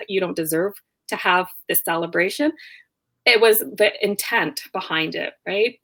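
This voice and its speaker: A woman's voice: mid-range voice, a bit bright. A young woman, a guest in a casual interview, telling stories and acting out both sides of conversations, often laughing as she talks. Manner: laughs often while talking. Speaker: guest, online business owner.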